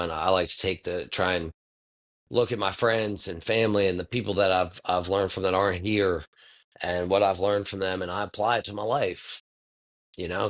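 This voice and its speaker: Deep-voiced laid-back profane man. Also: a bit bright. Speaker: podcast host. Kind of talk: casual monologue.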